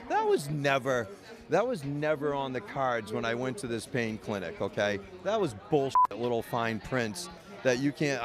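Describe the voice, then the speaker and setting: A man's voice: medium pitch, big pitch swings, normal speed, a crowd in the background. A man candidly telling his own story in an interview, blunt and profane, rambling with restarts. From United States. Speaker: medical cannabis caregiver and patient.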